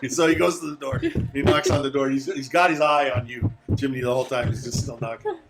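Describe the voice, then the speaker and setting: A man running a tabletop game as dungeon master, narrating haltingly with many filler sounds. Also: mid-range voice, steady tone, over loud music. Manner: halting narration with many uhs, slipping into character voices.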